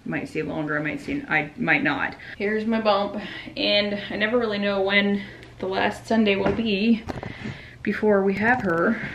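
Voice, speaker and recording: A woman in her thirties chatting casually to the camera in a family vlog, easygoing with soft laughs. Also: medium pitch, fairly even intonation, measured pace, lo-fi sound, slight background noise. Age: 30s. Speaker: family vlogger.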